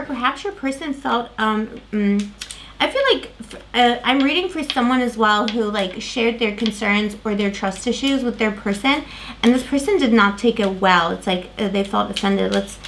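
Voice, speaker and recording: A woman's voice: on the high side, moderate pace, a bit bright, a little hiss or hum. A woman giving a tarot reading to camera, rambling with many fillers and restarts while losing her voice. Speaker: tarot reader.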